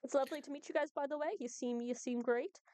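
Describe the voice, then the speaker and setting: A woman's voice: sits high, steady tone, fast talker, mellow, no room sound, close to an everyday voice. A woman game master voicing a wary female guide in a put-on Irish accent that drifts, speaking with many ums and restarts. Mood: cautious. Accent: put-on Irish, drifting toward Boston. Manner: hesitant, full of ums and restarts.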